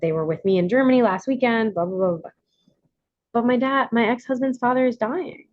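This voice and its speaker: A woman's voice: on the high side, fairly quick, no room sound, highs cut off. A woman leading an online workshop, sharing candidly with many fillers and restarts. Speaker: workshop leader.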